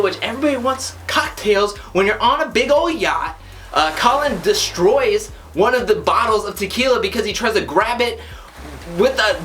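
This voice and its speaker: A woman's voice: medium pitch, fairly bright tone. A woman talks her way through a reality TV episode in a loose, gossipy recap. She has a mid-range voice and often slips into quoting the cast. A faint hiss runs under the recording. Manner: chatty, gossipy retelling with quoted asides. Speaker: TV recap host.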